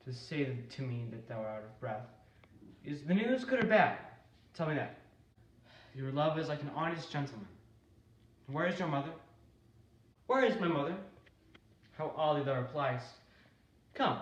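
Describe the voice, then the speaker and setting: A man's voice: on the high side, a bit bright. A young man, a student actor, giving earnest Shakespearean verse that swings between pleading and exclaiming. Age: young adult. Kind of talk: amateur Shakespeare scene acting. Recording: roomy echo, voice far from the mic.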